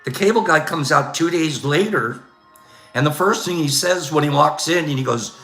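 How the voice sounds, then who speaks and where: A man's voice: fairly high pitch, normal speed, pushed and bright, echoey room, soft background music. An older man hosting a casual livestream, telling rambling complaint stories with frequent laughs and a habitual "Okay?". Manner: chatty storyteller, laughs often, says "Okay?". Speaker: livestream host.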